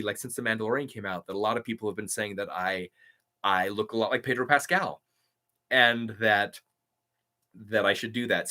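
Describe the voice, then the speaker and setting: A man's voice: medium pitch, bright, forceful tone. A male voiceover artist hosting a casual live stream, answering viewer comments in an eager, chatty and grateful way.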